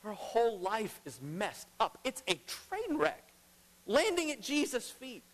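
Pastor guy preaching, kinda high voice, big echoey hall. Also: wildly swooping pitch, unhurried. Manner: emphatic, swings between loud and hushed. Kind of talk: sermon. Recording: long reverb of a large hall.

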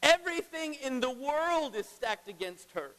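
A middle-aged man preaching a sermon as pastor, emphatic, swinging between loud and hushed. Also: very high voice, very animated, moderate pace. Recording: long reverb of a large hall.

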